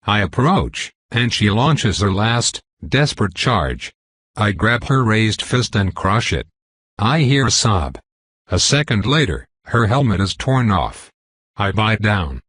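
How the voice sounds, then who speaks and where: A man's voice: lowish voice, sing-song, takes it slowly, fairly bright tone, slightly rough, no echo. A man narrating first-person fiction in a clipped, intense, dramatic reading. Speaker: audiobook narrator.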